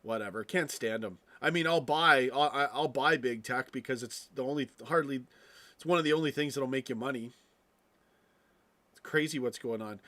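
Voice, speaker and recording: A man's voice: mid-range voice, normal speed, a bit bright. A man hosting a casual live stream, ranting with frequent swearing and restarts, tossing asides to his viewers. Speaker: fan channel live streamer.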